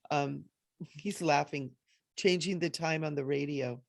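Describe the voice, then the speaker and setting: A woman co-host in a casual spiritual discussion, relaying what she receives with fillers and easy laughter. Her voice has a gravelly texture. The recording is close and dry. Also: deep voice, a little slow, no echo. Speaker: co-host and channeler.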